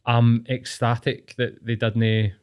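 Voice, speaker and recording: A man's voice: medium pitch, completely flat delivery, a little slow, clean tone. A young Scottish man in casual conversation, talking bluntly and opinionated, swearing freely. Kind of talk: casual chat.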